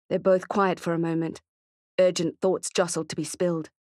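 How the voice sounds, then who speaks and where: A woman with a lowish voice narrates a thriller audiobook in an even, measured way. The recording is dry and close, with no room sound at all. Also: no room sound.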